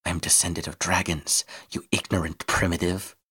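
A man voicing a fierce, gold-hungry woman who is secretly a dragon, speaking low and hushed in a storybook reading. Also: little pitch movement, moderate pace, husky, full character voice. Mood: scornful.

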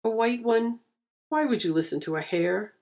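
Woman reading as a gruff giant oni. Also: on the high side, moderate pace, darkish tone, pitched above the performer's own voice, lightly acted. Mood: curious. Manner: gruff, mocking. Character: huge red-skinned male oni demon, gruff.

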